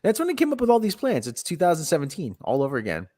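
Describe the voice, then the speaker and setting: Sarcastic man with a lively voice. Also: on the high side, rapid-fire. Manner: sarcastic, exasperated, sighs often. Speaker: podcast host. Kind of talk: casual chat about movie news.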